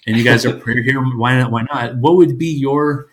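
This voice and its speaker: A man's voice: mid-range voice, moderate pace, a little hiss or hum. A man hosting a podcast in casual chat, rambling enthusiastically and often restarting his sentences. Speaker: podcast host.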